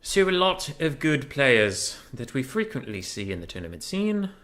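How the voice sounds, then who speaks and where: A man's voice: medium pitch, sing-song, normal speed, a bit bright. A young man casting a strategy game tournament, chatty and joking as he thinks aloud about the matchups. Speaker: tournament caster. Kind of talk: casual game commentary.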